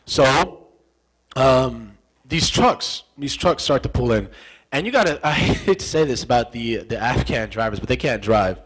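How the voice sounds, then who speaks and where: A man's voice: medium pitch, expressive, measured pace, fairly bright tone, breathy edge, low-quality recording. A young American man, a former soldier, telling a story in an interview. He talks animatedly, repeats phrases for effect, and acts out the dialogue he remembers.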